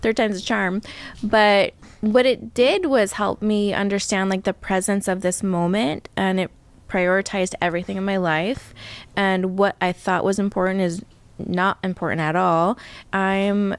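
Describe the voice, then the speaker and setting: A woman guest, a healer, talking openly and earnestly in a relaxed interview chat. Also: measured pace, clean tone, no room sound. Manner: open and earnest, speaks of deep peace.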